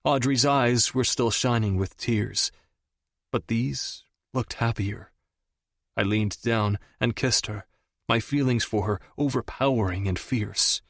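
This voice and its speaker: A man reading a romance audiobook in the first person, measured and even. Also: mid-range voice, vocal fry, dry recording, studio quality. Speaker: audiobook narrator.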